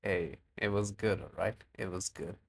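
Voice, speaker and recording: A man's voice: deep voice, moderate pace, vocal fry. A man with a non-native English accent narrating his own cooking vlog in a chatty, self-mocking way. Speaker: cooking vlogger. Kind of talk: casual vlog voice-over.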